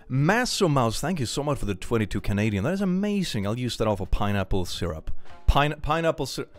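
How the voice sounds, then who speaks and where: Animated, lively streamer man. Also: medium pitch, fairly quick, soft background music. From Sweden. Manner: playful, animated, jokey. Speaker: live streamer. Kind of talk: casual live-stream chat, reading donations.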